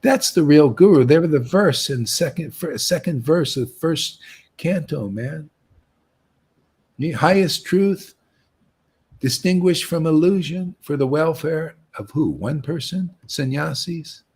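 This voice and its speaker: Animated husky man preaching. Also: fairly high pitch, measured pace. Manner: casual, animated, says "man" often, acts out quoted voices. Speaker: spiritual teacher. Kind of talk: informal devotional talk.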